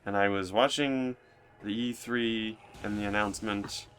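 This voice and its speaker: A man's voice: lowish voice, steady tone, measured pace, fairly bright tone, clean tone. A young man co-hosting a video game let's play, joking around and rambling with many restarts. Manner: jokey, rambling with repeated restarts. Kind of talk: casual gameplay chat.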